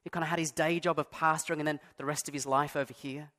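A man's voice: a little high, steady tone, fast, pushed and bright. A man preaching a sermon as pastor, conversational and self-deprecating, stressing key words. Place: church.

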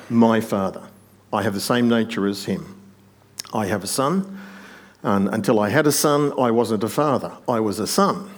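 A man preaching a sermon, explaining a passage point by point and often dropping to a quiet aside. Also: medium pitch.

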